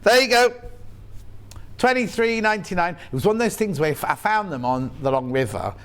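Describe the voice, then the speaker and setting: A man's voice: high-pitched, expressive, brisk, a bit bright. A man with a Yorkshire accent presenting live on a shopping channel, chatty and playful with jokey asides.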